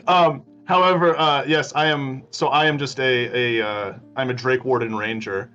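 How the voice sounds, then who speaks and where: A man's voice: mid-range voice, steady tone, moderate pace, bright, forceful tone, lo-fi sound, faint music behind. A man playing a tabletop game, chatting easily and laughing often. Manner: laughing, easygoing. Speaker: player. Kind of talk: casual chat.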